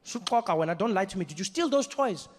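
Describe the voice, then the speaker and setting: A man's voice: high-pitched, expressive, fast talker. A man voicing a stern Xhosa mother who scolds her son sharply and drops into Xhosa, in a stand-up routine. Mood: scolding. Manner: sharp, commanding, mixes in Xhosa. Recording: echoey hall, faint background.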